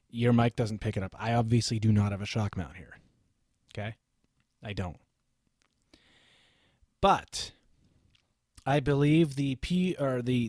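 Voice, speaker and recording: Blunt deep-voiced man reviewing mics. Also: darkish tone, dry recording, studio quality. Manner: blunt and opinionated, with frequent "okay?" check-ins. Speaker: microphone reviewer. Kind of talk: casual gear review vlog. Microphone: close studio microphone.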